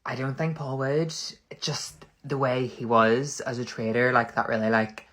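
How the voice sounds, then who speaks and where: A man, rambling through a casual comedic monologue full of "like" and quick backtracking. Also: medium pitch, level tone, fairly bright tone. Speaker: content creator.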